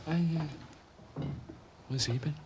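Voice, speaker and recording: An actor playing a resentful, drunken working-class bar owner in a TV drama. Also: male voice, on the high side, slow pace. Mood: wary. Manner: resentful, sneering, shouting at night. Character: bitter drunken middle-aged working-class barman. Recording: hissy old TV recording.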